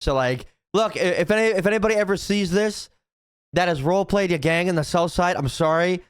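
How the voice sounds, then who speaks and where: Young man, streamer, casual profane rant, stumbles and repeats himself, a bit high-pitched, dry mic. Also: fairly quick, clean tone, dry recording. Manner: rambling, profane, many restarts and repeated "right?". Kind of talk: casual opinion chat to stream chat.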